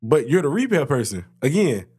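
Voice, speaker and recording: A man co-hosting a podcast, telling a story about work in a casual, swearing, animated way. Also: fairly quick, breathy edge. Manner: animated storytelling, swears freely, jumps high in pitch when excited. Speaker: podcast co-host. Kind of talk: casual chat.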